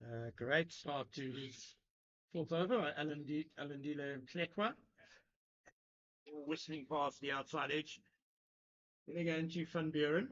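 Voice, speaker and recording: A man giving live cricket commentary, measured and analytical, chatting with his co-commentator. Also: on the high side, fairly bright tone. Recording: lo-fi broadcast sound.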